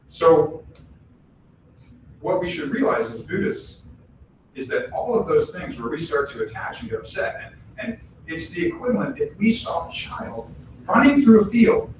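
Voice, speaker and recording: Man, high voice, chatty animated sermon, very echoey temple hall, distant mic, faint hiss. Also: brisk. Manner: animated, acts out quoted voices, chatty asides. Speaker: temple minister. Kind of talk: casual conversational sermon.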